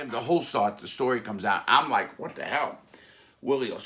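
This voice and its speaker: A man tells stories in a casual, animated way, and the gruff gravel in his low voice carries every line. He slips into other people's voices and breaks into sudden loud outbursts as he acts them out. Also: a little fast. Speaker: former mob associate telling stories. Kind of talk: casual storytelling.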